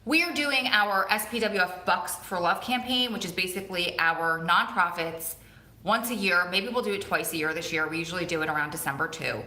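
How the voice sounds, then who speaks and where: A woman's voice: on the low side, a little fast, pushed and bright, a little hiss or hum. A woman from Long Island with a strong New Jersey and Long Island accent, chatting casually on her live stream. She rambles and repeats words for emphasis. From Long Island, New York. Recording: echoey room.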